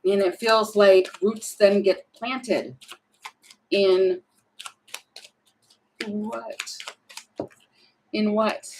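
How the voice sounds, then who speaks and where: A woman doing a casual tarot reading, thinking aloud and animated, with many fillers and restarts. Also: medium pitch, extremely slow, long pauses, a little hiss or hum, poor audio. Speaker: tarot reader.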